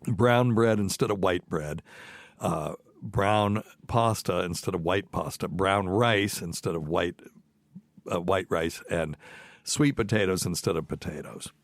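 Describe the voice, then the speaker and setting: Middle-aged male podcast host, light Southern accent, low voice, dry close sound, folksy and rambling. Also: no echo. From mountains of North Carolina. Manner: rambling, folksy, many fillers and restarts. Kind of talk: casual chat.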